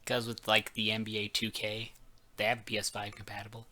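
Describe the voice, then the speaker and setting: A man's voice: lowish voice, completely flat delivery, brisk, sharp tone. A man co-hosting a casual gaming podcast, rambling loosely and reading bits of an article aloud. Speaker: podcast co-host.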